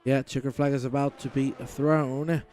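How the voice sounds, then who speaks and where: A man's voice: mid-range voice, little pitch movement, moderate pace, noisy background. A man calling the action in sim racing broadcast commentary, hyping results and addressing the audience. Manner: hype play-by-play, addresses the audience. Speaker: race commentator.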